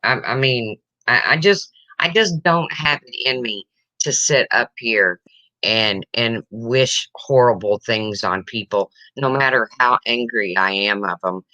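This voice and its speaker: A woman's voice: a bass voice, measured pace, bright, forceful tone, no room sound, dull audio. Emotional woman hosting a livestream. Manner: emotional, reads chat comments aloud. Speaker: livestream host. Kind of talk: casual livestream chat.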